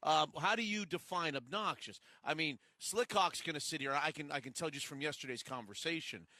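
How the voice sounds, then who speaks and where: Male radio host, bright tone, rambling, teasing studio banter, a bit high. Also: fairly quick, no room sound. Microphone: studio microphone.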